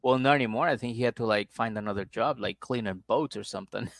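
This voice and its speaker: A man talks loosely on a podcast, laughing often and slipping into raised voices to mimic people. His voice sits at an ordinary middle pitch. The sound is close and dry. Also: fast, vocal fry, no echo. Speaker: podcast co-host. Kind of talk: casual chat recapping a reality show.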